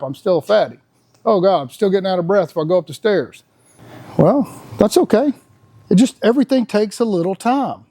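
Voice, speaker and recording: A man's voice: on the high side, mellow. A man, talking in a casual, blunt, folksy monologue as a podcast host. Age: 50s. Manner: folksy, blunt, laughs often.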